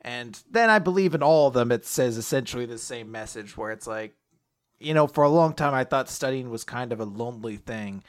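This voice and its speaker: A man's voice: medium pitch, animated, brisk. A young man hosting a podcast, casually and chattily recapping a comic chapter. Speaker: podcast host.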